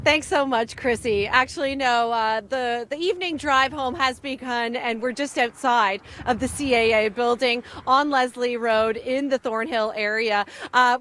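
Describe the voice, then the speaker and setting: A woman's voice: high-pitched, pushed and bright. A young woman from Ontario doing a chatty live weather report outdoors in the wind. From Ontario, Canada. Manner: chatty, upbeat, lots of fillers. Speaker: field weather presenter.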